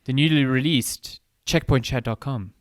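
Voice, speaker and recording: A man co-hosting a gaming podcast, chatting in a laid-back way with casual swearing and sentences that trail off. His voice sits at an ordinary middle pitch. The sound is dry and close to the mic. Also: moderate pace, no echo. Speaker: podcast co-host.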